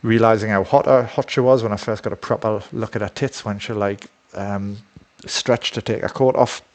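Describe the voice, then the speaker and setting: A man's voice: fairly low pitch, steady tone, moderate pace, a little mellow. Blunt, profane man rambling on. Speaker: dating coach. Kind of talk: casual monologue.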